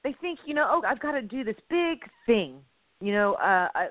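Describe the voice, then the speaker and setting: A woman co-hosting a faith-based comedy chat, affirming and expressive. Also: a little high, normal speed, no room sound. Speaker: podcast co-host. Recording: tinny phone-like dry sound.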